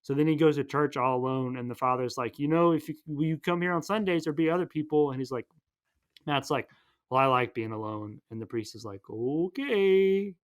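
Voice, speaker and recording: A man casually retelling a movie plot as a podcast host, rambling and playful, tossing in quick voices for each character. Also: medium pitch, little pitch movement, smooth.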